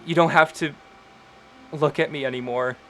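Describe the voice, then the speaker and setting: A man voicing a tearful young woman who keeps apologizing to her sister, his voice raised higher. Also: steady tone, moderate pace, a bit bright, a little hiss or hum, lightly acted. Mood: tearful, pleading. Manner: sobbing, pleading apologies.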